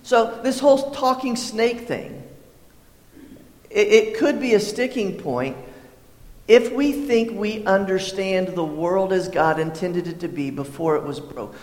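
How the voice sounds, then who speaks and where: High-voiced pastor preaching in echoey hall. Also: male voice, measured pace. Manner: conversational, repeats words, clears throat often. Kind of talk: sermon.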